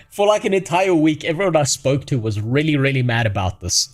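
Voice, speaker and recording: A man's voice: on the high side, fairly quick, few pauses. A man from Africa, doing crude, profane livestream commentary and laughing at his own jokes. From South Africa.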